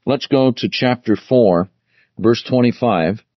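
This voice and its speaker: Slow-talking man teaching the Bible. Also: medium pitch, no room sound, muffled recording. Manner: deliberate, explains and stresses key words.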